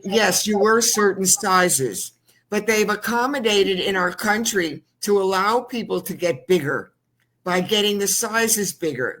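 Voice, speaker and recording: A woman's voice: medium pitch, fairly bright tone. A woman hosting a talk show interview, blunt and opinionated, with a teasing edge. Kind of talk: casual interview chat.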